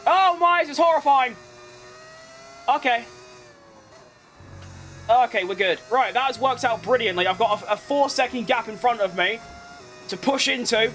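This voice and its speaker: Playing a racing game live, this gaming creator talks in a very high voice, gets excitable and quickly shouts at close calls, and swears casually. Soft music plays behind him.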